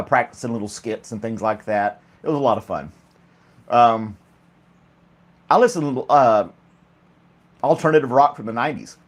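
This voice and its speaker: A man hosting a casual morning chat show, joking and laughing often while a pet clings to his arm. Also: mid-range voice. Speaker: host.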